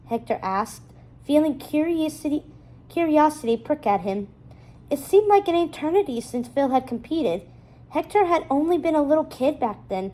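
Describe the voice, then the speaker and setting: A woman with a higher, mellow voice reads a children's chapter book aloud. She narrates expressively, lifting and dropping her voice for the story. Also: very animated, normal speed. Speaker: storybook reader. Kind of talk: children's novel read-aloud.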